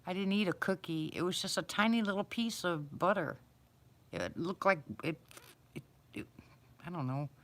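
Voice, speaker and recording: Low-voiced woman chatting with viewers. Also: animated, moderate pace, pauses often, a bit bright. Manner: chatty, addresses viewers by name. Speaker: livestream host. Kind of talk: casual live chat with viewers.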